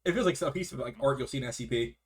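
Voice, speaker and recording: A man's voice: medium pitch, very fast. A man co-hosting a casual art history chat, reading aloud with restarts and swearing. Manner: animated, swears, trails off mid-sentence.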